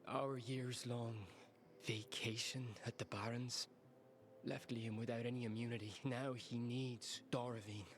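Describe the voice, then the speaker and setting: A man acts out a brother in a game who worries over his sick sibling. He pleads earnestly and urgently. The voice sits at a middle pitch, with a faint hiss of background noise. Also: fairly even intonation, measured pace, lightly acted. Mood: earnest pleading. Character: anxious protective brother, pleading for help.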